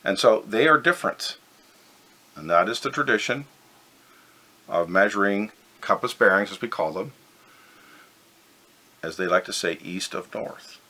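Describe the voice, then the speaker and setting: A man's voice: fairly low pitch, a little slow, long pauses, bright, forceful tone. A man teaching a physics lesson over slides, methodical and step by step, stressing the key words.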